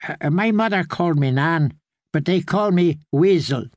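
A man's voice: fairly high pitch, unhurried, no echo, pitched above the performer's own voice, lightly acted. A man reading an audiobook, voicing a stubborn, wary young girl who gives terse, guarded answers. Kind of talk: audiobook character voice.

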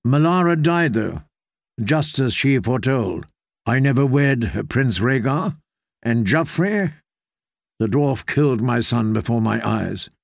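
A man's voice: mid-range voice, lively intonation, slow pace, gravelly, no room sound, studio quality, exaggerated voice. A man voicing a proud, fearful queen in an audiobook reading, with a haughty, scheming manner. He lifts his voice to play her. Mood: shaken. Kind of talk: audiobook character voice.

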